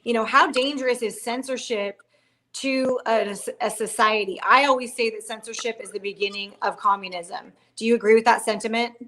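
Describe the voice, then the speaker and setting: A woman's voice: a little high, fairly even intonation, moderate pace, bright, forceful tone. A woman hosts a casual political chat and puts direct questions to her guests. She speaks plainly and steers the conversation. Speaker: host.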